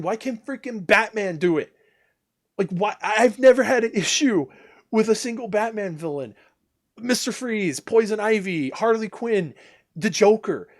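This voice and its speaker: Male streamer, casual rant, swearing a lot, exasperated, a bit high-pitched. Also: lively intonation, normal speed. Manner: exasperated, profane ranting with many restarts. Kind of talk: casual ranting chat while gaming.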